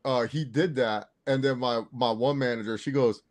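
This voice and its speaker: A man's voice: mid-range voice, fairly even intonation, normal speed. A man co-hosting a sports podcast, chatting casually, rambling and repeating words and laughing at himself. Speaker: podcast co-host. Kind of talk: casual chat.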